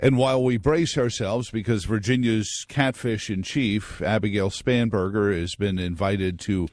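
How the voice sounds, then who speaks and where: A man's voice: fairly low pitch, unhurried, darkish tone, no room sound. A man hosting a talk radio show, delivering a wry, joking, digressive monologue into a studio microphone.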